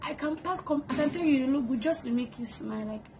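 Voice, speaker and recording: A talkative woman vlogging from home, her fairly high voice carrying a gravelly rasp. She laughs often between answers. Kids can be heard faintly in the house behind her. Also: fast talker. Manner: chatty, laughs often, answers questions to camera. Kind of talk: casual get-to-know-me chat. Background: kids making noise.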